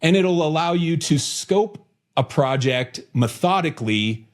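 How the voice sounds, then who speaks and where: A man hosting a podcast, talking casually and with energy, joking around and speeding up when he gets excited. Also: on the high side, measured pace. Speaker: podcast host.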